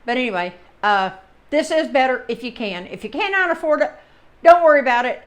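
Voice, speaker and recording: Chatty Southern woman, slightly high voice. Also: animated, fairly quick. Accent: Southern American. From Southern United States. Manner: chatty, rambling, folksy asides. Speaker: home cooking channel host. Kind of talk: casual cooking demonstration.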